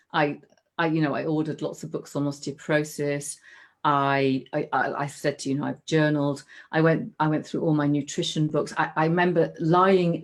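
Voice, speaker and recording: Middle-aged woman, lowish voice, chatty guest, animated storyteller who restarts sentences. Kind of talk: casual conversation.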